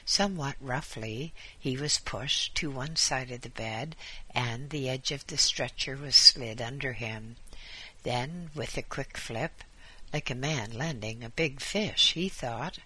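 Husky guy reading a story slowly, bright tone. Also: mid-range voice. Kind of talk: slow storybook narration.

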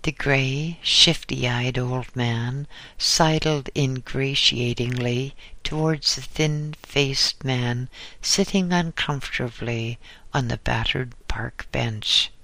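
Slow measured guy reading a story, bright voice, dry close sound. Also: medium pitch, no room sound. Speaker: narrator. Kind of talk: scripted narration.

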